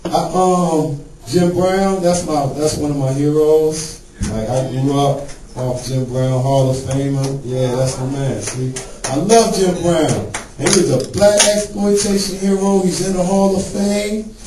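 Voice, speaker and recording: Male stand-up comic, raunchy storyteller, slightly high voice, roomy club sound with faint ambience. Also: steady tone, measured pace, warm tone, distant mic, a little hiss or hum. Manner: profane storytelling, acts out characters in high voices. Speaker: stand-up comedian. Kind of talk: stand-up set. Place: comedy club stage.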